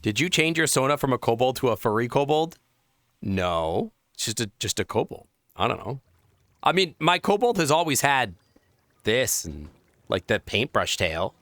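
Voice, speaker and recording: A young man chatting casually on a live stream, reading and answering viewer messages, playful and giggly, rambling and breaking into squeaky high exclamations. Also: sing-song, moderate pace, fairly bright tone, no room sound. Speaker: VRChat streamer.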